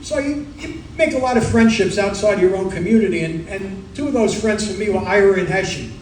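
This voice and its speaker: Brooklyn guy, new york italian accent, standup set, deadpan one-liners, sounds far off in an echoey club. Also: high-pitched, a little hiss or hum. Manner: rapid-fire one-liners, deadpan punchlines. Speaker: stand-up comedian. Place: comedy club stage. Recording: roomy club sound from a distance.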